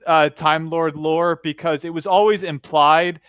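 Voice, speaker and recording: A man with a fairly high voice giving blunt opinions in a relaxed fan chat. He is recorded dry and close, with no room sound around him. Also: measured pace, clear, resonant tone, dry recording. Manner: opinionated, blunt, laughs at his own stories. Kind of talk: casual fan discussion.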